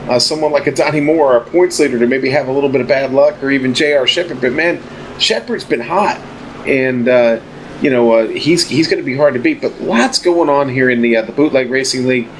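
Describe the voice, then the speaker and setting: A man commentating on a sim racing broadcast in a relaxed, chatty way. He leans on fillers like "uh" and "you know," and the line carries a faint hiss. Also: mid-range voice, a little fast. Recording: faint background noise.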